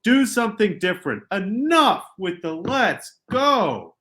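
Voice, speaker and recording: A young adult man co-hosting a podcast, ranting in casual sports banter and swinging from quiet asides to loud outbursts. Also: sits high, sing-song, slow pace. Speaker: podcast co-host.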